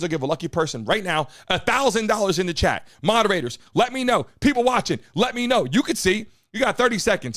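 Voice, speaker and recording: A man hosting a live show from a studio, talking to his chat in a loud, hyped way and swearing freely. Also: high-pitched, dry recording. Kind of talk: energetic live-stream talk to chat.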